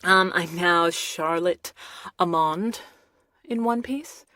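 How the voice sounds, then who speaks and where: Low-voiced woman chatting on a podcast. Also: slow, no echo, clean studio sound. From half Mexican. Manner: animated storytelling with frequent laughs. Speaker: podcast host. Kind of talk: casual solo podcast chat. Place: small recording studio. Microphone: studio microphone.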